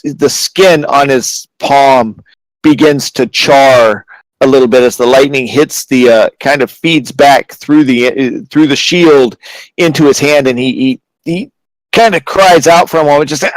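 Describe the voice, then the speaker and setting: A man's voice: mid-range voice, no room sound, rough recording. Dry-voiced man narrating as game master. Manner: halting, with many restarts, dramatic.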